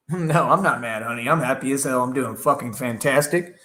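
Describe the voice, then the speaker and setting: A man's voice: mid-range voice, normal speed, pushed and bright, slight background noise. A man on a livestream, taunting and boasting at critics in the chat. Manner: talks over his own song playing. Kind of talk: combative livestream rant.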